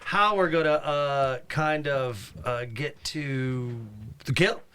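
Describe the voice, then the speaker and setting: A man co-hosting a podcast, chatting casually about a horror film, animated and rambling, with many fillers and restarts. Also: on the high side, takes it slowly, clear, resonant tone. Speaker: podcast co-host.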